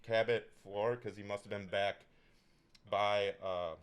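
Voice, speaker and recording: A man's voice: on the low side, steady tone, a little slow, smooth. A man co-hosting a podcast, telling stories in casual chat, rambling and hesitant with many fillers. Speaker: podcast co-host.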